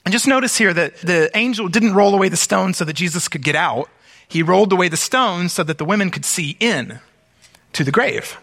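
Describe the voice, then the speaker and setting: A man preaching an Easter sermon as pastor, reading scripture aloud and breaking in with relaxed, conversational comments. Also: high-pitched, a little fast, gravelly, big-room sound.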